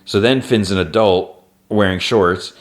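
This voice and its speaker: A very low-pitched man talks through a cartoon episode on his podcast, scene by scene, in a loose, chatty way. He leans on "like" constantly and lifts into a higher, playful tone for quoted lines. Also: a little slow. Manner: retells plot with constant "like" fillers. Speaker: podcast host. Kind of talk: casual episode recap.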